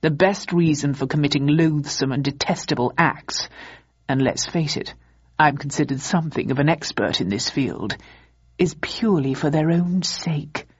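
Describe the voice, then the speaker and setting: A low, husky drawl for a smug male mastermind in a storybook reading, as a woman narrator puts him on. He savors every cruel word, slow and theatrical, and the audio is dull and muffled. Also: no echo. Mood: gloating. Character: suave, gleeful male master villain.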